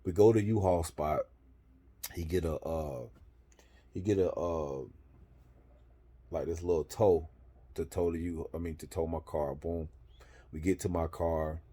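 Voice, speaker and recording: Deep mellow-voiced dude from florida telling a story, cussing, lots of slang and "boom". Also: male voice, steady tone, unhurried, pauses often, breathy edge. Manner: profane, slangy, punctuates with "boom". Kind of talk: casual storytelling.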